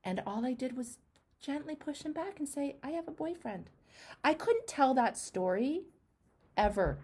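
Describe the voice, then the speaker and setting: A woman hosting an interview, speaking with impassioned, repetitive emphasis that swings between loud outbursts and hushed words. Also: sits high, animated, a little slow, breathy edge. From Canada. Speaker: host. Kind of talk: emotional interview conversation.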